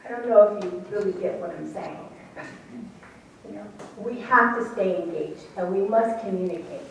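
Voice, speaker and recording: A woman's voice: mid-range voice, normal speed, gravelly. A middle-aged woman who once ran a radio station, telling a story to an audience and acting out the voices she quotes. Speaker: radio station manager recounting events. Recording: echoey room from far off, faint noise.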